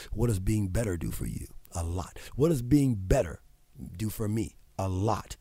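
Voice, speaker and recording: Here the radio host's voice sits fairly low, dark and breathy, with no room sound. He preaches motivation emphatically, hammering home repeated phrases.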